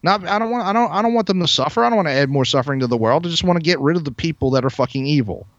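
A male podcast host launches into a heated, profane, emphatic rant as a monologue. His fairly high voice is rapid-fire with lively intonation, captured in a dull, dry lo-fi recording with no echo.

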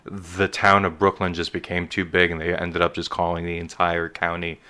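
Deep smooth-voiced man in casual chat. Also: completely flat delivery, moderate pace, pushed and bright. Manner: rambling, reads notes with many ums. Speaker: podcast co-host.

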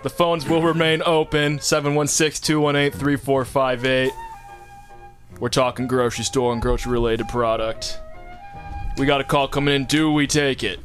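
A man's voice: medium pitch, level tone, moderate pace, fairly bright tone, faint music behind. A man hosting a call-in comedy show, teasing and brash with crude jokes. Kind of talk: joking radio-style banter.

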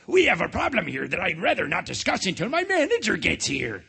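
Give me a man doing a panicky pirate-voiced crab restaurant owner from a storybook, high-pitched and husky. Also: huge pitch swings, fairly quick, pushed and bright, full character voice. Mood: pleading.

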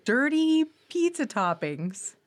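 A woman's voice: sits high, big pitch swings, slow pace. A woman on a casual podcast, throwing in dry, teasing remarks. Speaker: podcast co-host. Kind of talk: casual chat.

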